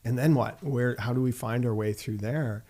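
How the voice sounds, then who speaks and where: A man from Saskatchewan, a guest on an interview show, speaking in a thoughtful, measured way and often asking a rhetorical "right?". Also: mid-range voice, mellow. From Saskatchewan, Canada. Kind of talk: reflective interview talk.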